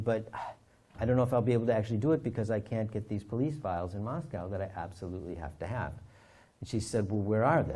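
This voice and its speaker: A man, an author and historian, telling stories from his research in a lively anecdotal way. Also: medium pitch. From United States. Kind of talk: storytelling talk.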